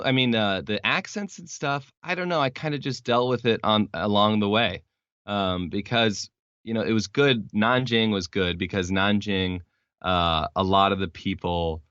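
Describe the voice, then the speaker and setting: Very deep-voiced man, dull lo-fi recording. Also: a bit bright, clean tone, dry recording. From Texas, United States. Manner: rambling, explanatory, many fillers and restarts. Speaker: podcast guest. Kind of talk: casual interview chat. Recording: dull lo-fi sound.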